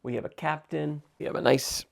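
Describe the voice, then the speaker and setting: Gravelly sarcastic man chatting while drawing. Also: a little high, steady tone, a little fast. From United States. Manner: sarcastic, jokey, talks to himself. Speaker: visual artist. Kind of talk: stream-of-consciousness drawing vlog.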